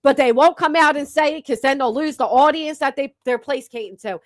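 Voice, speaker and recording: A woman's voice: high voice, fairly quick, no room sound, studio quality. A woman hosting a reaction stream, talking bluntly and profanely to her chat. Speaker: livestream commentary host.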